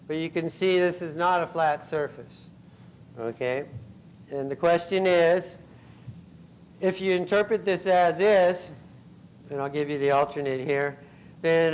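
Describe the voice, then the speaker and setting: A man giving a scientific conference talk, pausing often with ums and uhs and clearing his throat. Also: on the high side, a little hiss or hum, low-quality recording. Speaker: conference speaker. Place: convention center hall.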